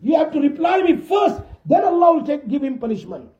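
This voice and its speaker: A man delivers an impassioned sermon in a very high but mellow voice, swinging between hushed pleading and loud exhortation. The recording is echoey and dull, with a muffled lo-fi sound. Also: big pitch swings, fairly quick, some chatter behind. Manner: impassioned, swinging from soft to shouting. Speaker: preacher.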